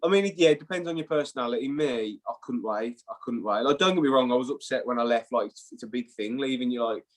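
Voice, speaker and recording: A man's voice: mid-range voice, quick pace, hardly any pauses. A young man with an English accent, chatting casually as an interview guest, swearing and calling the host "mate". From England. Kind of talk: casual chat.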